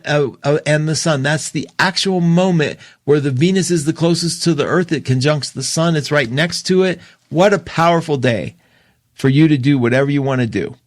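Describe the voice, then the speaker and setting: A man hosting an astrology show, talking casually and emotionally, opinionated and quick to laugh. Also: a little high, no room sound, clean studio sound. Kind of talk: casual livestream talk.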